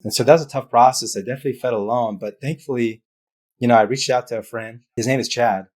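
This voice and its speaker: A man's voice: mid-range voice, fairly even intonation, fast talker. A man as an interview guest, telling an emotional personal story in an open, heartfelt way with many fillers. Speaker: guest, business founder.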